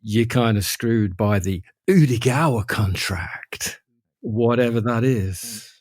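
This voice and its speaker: A man's voice: mid-range voice, slow, no room sound. A middle-aged man co-hosting a podcast, musing and rambling in casual chat. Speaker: podcast co-host.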